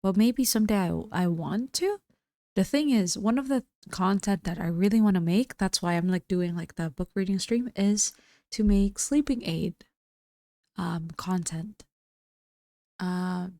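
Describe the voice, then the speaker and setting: Speaking unhurriedly at medium pitch, this streamer has a dark tone and a slightly worn voice, as if it's starting to go. She casually reads her viewers' messages and replies to them. There's no room sound on the recording.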